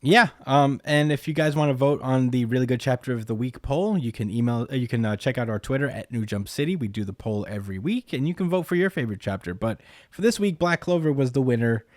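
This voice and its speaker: This young co-host talks fast with few pauses, his mid-range voice lively in intonation, as he casually recaps a comic chapter on a podcast. The storytelling is loose and full of fillers, captured with studio quality and no room sound.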